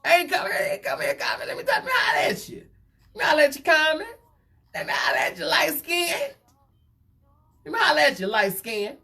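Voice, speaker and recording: Woman doing a hollering excited male comedian. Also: high voice, brisk, gravelly, voice pushed up, heavily acted. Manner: hollering, teasing. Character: excited middle-aged male comedian calling out.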